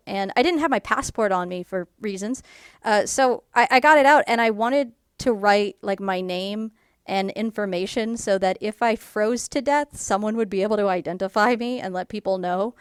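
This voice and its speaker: A woman casually telling a personal story to camera in a rambling way, full of fillers, and animated when she quotes people. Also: medium pitch, smooth, dry recording, studio quality. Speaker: YouTuber.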